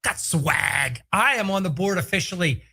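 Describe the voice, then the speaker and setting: An energetic man hosting his own real estate show, talking fast and hard-selling, sometimes bursting into loud impressions. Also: sits high, gravelly, slightly rough. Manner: energetic, salesy, breaks into shouted impressions. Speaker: podcast host, real estate agent. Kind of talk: solo talk show.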